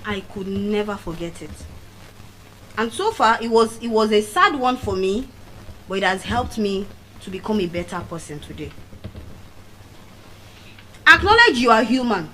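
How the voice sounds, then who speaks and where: A middle-aged woman with a Nigerian accent giving a motivational speech at a public event, telling personal stories with dramatic swings of pitch and loudness. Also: normal speed, pauses often, slight background noise, low-quality recording. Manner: animated storytelling with dramatic swings in pitch and volume. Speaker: public speaker. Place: venue of a public speaking event.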